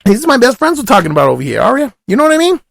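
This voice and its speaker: A man voicing a raspy, burnt-out party guy who rambles with fillers and asides in a comic monologue. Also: very high-pitched, wildly swooping pitch, very fast, a bit bright, full character voice. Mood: rambling.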